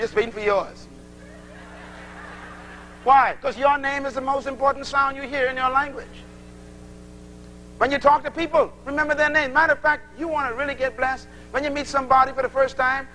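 A man's voice: very high voice, a little fast, a little hiss or hum, low-quality recording. A man preaching a sermon to a congregation, acting out little dialogues as he teaches. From Bahamas. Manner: animated, acts out little dialogues.

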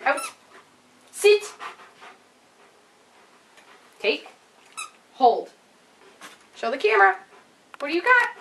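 A woman with a high voice that swoops up and down, coaxing her dog in sing-song pet talk. She speaks slowly and takes her time. The home video has plenty of background noise. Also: very animated. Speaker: dog owner. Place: home, indoors.

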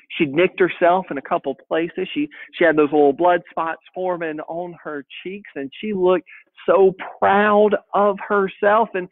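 Thirty-something pastor telling a story in a sermon, folksy, stumbles over words, high-ish voice, tinny dry sound. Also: male voice, dry recording. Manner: conversational, folksy, frequent word repeats.

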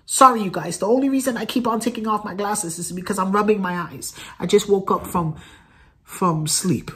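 An American vlogger in his thirties talks casually to the camera, rambling earnestly and repeating phrases. His voice is high-pitched and fairly bright, at a moderate pace.

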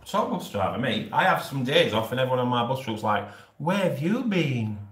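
With a medium-pitched, fairly bright voice, this very animated fast talker is a forties-aged man from Yorkshire, England, hosting a casual live stream. He jokes and rambles at his viewers, laughing often, and the audio has a roomy echo.

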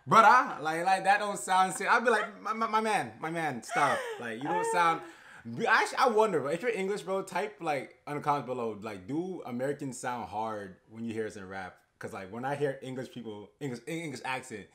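A man's voice: medium pitch, animated, brisk, fairly bright tone. A man co-hosting a reaction video, talking casually and slangily and laughing often. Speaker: reaction channel co-host.

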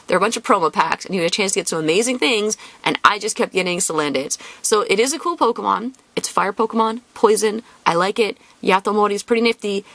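Chatty woman with a gravelly edge. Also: mid-range voice, dry recording. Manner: chatty, rambling, excitable. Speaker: trading card YouTuber. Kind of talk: casual chat while opening card packs.

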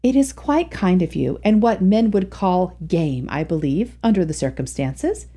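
Brief: woman reading as composed young society lady, mellow and lively, storybook. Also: on the low side, unhurried, breathy edge, full character voice. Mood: cool, polite.

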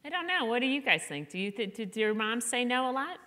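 A woman's voice: a little high, expressive, fairly quick, sharp tone. A middle-aged woman, an author guest, talking candidly and chattily on a live event stage, self-deprecating and full of "like.". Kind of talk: candid conversational interview.

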